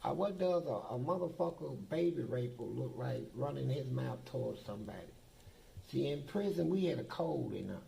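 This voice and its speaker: A man's voice: mid-range voice, lively intonation, normal speed, creaky, dark tone, slight background noise, rough recording. An older man, a former prisoner, telling blunt, profane stories in a documentary interview. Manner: blunt, profane, boastful storytelling.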